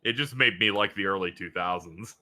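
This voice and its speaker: A man co-hosting a podcast in casual chat, telling things in a wry, relaxed way. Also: low-pitched, brisk. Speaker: podcast co-host.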